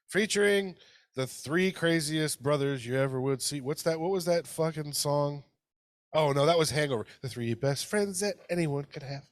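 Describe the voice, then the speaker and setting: A man's voice: on the high side, normal speed, no room sound, studio quality. A man hosting a casual comedy podcast over a video call, laughing easily and swearing freely. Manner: laughing, loose and profane. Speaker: podcast host.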